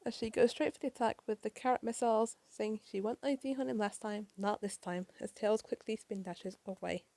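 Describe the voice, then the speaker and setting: A tired woman doing a casual late-night comic review, rushed and apologetic and swearing often. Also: medium pitch, steady tone, creaky, darkish tone, no room sound.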